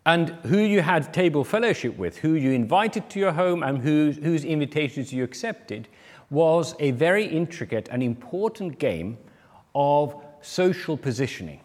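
A man delivers a sermon, working through a parable and slipping into the voices of the people he quotes. His voice sits fairly high. The sound carries a long reverb, as in a large hall. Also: expressive, normal speed. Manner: explanatory, acts out quoted speakers. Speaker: preacher.

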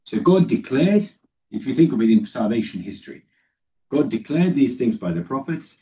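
A man's voice: medium pitch, dark tone, recorded from a distance, rough recording. A man preaching a sermon, emphatic and lifting his voice when he quotes scripture, with fillers and restarts.

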